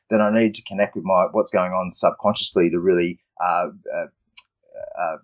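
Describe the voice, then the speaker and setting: A man's voice: lowish voice, husky. A man answering as a podcast guest, talking thoughtfully and searching for words with many fillers. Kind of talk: interview answer.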